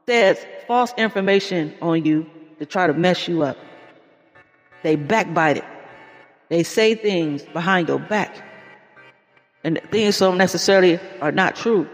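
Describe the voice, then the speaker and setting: A man's voice: high voice, a bit bright. A man preaching an informal podcast sermon in a folksy, exclaiming way, often calling out praise. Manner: folksy, exclaims "Lord have mercy" and "Hallelujah". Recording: long reverb with faint music.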